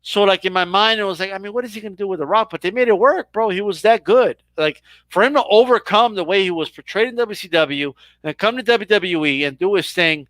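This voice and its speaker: A man's voice: high voice, fairly quick, hardly any pauses, a bit bright, no room sound. A man co-hosting a casual wrestling talk, laid-back, often adding "bro" and "you know what I mean". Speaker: co-host. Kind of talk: casual chat.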